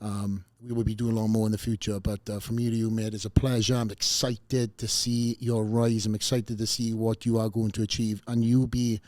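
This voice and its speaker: A man's voice: lowish voice, little pitch movement, a little fast, hardly any pauses, no room sound. A man hosting a podcast, joking around and rambling with lots of fillers before thanking his guest. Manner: joking, rambling, warm sign-offs with fillers. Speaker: podcast host. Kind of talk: casual podcast chat.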